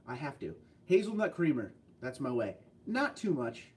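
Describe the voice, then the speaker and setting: A man hosting a casual livestream, chatting with viewers and telling rambling stories with quick asides. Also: medium pitch, big pitch swings, a little mellow, recorded from a distance. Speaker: livestream host reading viewer chat.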